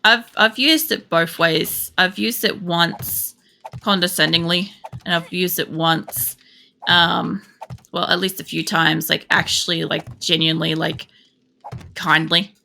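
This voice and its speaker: A woman's voice: fairly low pitch, steady tone, measured pace, vocal fry, bright, forceful tone, slight background noise. An Australian woman streaming a game, chatting in a rambling, casual way and swearing freely. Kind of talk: casual chat while playing. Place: home computer setup.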